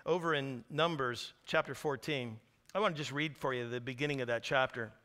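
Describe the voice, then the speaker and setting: Animated preacher man, bright clear voice. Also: medium pitch, fairly quick. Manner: animated storytelling, acting out screams and cries; drops to hushed tones at solemn points. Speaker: pastor. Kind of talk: sermon.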